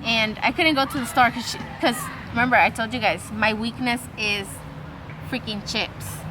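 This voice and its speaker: A young woman vlogger with a slightly high voice tells a long, rambling personal story at a moderate pace, casual and swearing freely. She acts out the lines of the people in it, and there's background noise.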